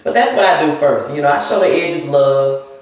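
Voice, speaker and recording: A woman's voice: deep voice, expressive, moderate pace. A woman from the Southern US with a Southern accent, rambling casually through a hair-care vlog and talking straight to her viewers. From Southern United States. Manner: chatty, talks straight to viewers with y'all and girl. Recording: very echoey room.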